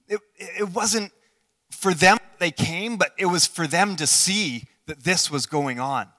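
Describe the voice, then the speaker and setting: A man preaching a sermon in an earnest way, asking the listeners questions and swinging between loud passages and hushed ones. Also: sits high, measured pace. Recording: long hall reverb.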